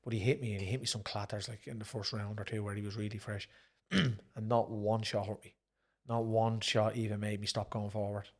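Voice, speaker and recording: A man's voice: fairly low pitch, brisk. A middle-aged Irish man, a former boxer, telling stories of his fights in a casual interview, acting out what people said. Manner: animated, acts out quoted speech in raised voices. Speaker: guest, former professional boxer and promoter. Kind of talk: casual storytelling in a sit-down interview.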